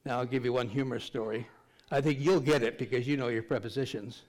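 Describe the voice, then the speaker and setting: A man's voice: mid-range voice, fairly even intonation, fast talker, a little mellow. An older man preaching a sermon to his congregation in a conversational, joking way. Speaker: pastor.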